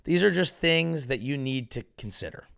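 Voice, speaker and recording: A man from California delivering a rambling, sarcastic comedic monologue as host, veering from mumbled asides to loud outbursts. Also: medium pitch, expressive, moderate pace, vocal fry, clean tone, dry recording, studio quality.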